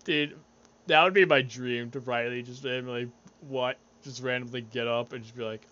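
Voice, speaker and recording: Bright, laughing young man rambling. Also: medium pitch, huge pitch swings, moderate pace, lo-fi sound. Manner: rambling, laughs a lot, swears. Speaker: podcast co-host. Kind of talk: casual podcast chat.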